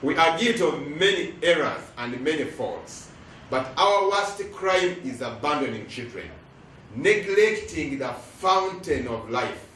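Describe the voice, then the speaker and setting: A man's voice: fairly high pitch, very animated, a little slow, a bit bright, far from the mic, a little hiss or hum. Ugandan man preaching in an echoey hall. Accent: Ugandan English. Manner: emphatic, asks the crowd to finish his lines. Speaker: guest speaker, lecturer. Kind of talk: preaching address with call-and-response.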